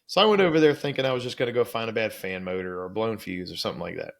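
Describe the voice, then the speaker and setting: Gravelly man telling a story. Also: lowish voice, rapid-fire. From Louisiana, USA. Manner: lively storyteller acting out quoted dialogue. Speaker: guest. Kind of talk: storytelling in a podcast interview.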